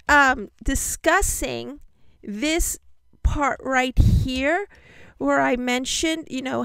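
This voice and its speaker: A high-voiced woman talks slowly to camera as she unboxes a craft swap. She gushes, exclaims and giggles in delight, recorded dry and close with no room sound. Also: a bit bright, clear, resonant tone, no echo. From United States. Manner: gushing, giddy, exclaims often and laughs. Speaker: paper crafting vlogger. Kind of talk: casual unboxing chat to camera.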